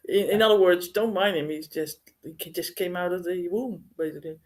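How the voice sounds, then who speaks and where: A woman's voice: on the low side, normal speed. A woman from the Netherlands, a native Dutch speaker with a Dutch accent, chatting hesitantly as a panel guest. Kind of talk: casual online panel chat.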